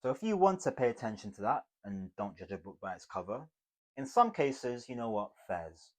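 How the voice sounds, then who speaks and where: A man teaching communication skills to camera in an emphatic, motivational way, swinging between loud bursts and hushed asides. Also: mid-range voice, big pitch swings, normal speed. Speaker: communication coach.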